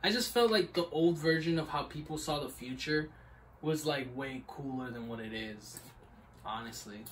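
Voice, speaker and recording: A man's voice: fairly high pitch, normal speed. A young man co-hosts a casual podcast chat, rambling through his thoughts and laughing easily. He sits some way from the mic, which gives his voice a distant sound. A faint hiss of noise stays underneath him. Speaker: podcast co-host.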